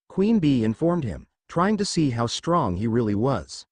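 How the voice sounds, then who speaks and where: Man narrating a fan story, lively pitch. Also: a little slow, hardly any pauses, no echo. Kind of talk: fan fiction reading.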